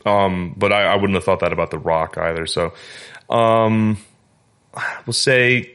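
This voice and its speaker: A young man co-hosting a podcast in casual chat, excitable and laughing a lot, with plenty of filler words. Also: sits low, a little slow, long pauses. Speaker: podcast co-host.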